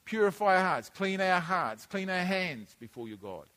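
A man with a high-pitched voice preaches to a congregation, speaking in a loose, conversational way. His voice rings out in a hall with a long, lingering reverb. He drops into quiet asides, then rises into emphatic bursts. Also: sing-song, moderate pace. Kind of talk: sermon. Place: church hall.

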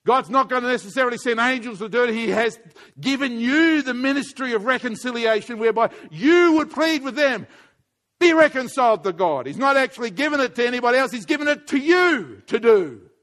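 Casting: male preacher, high-pitched, emphatic sermon with hushed and loud stretches. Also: animated, brisk. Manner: wide swings from hushed to loud, emphatic repetition.

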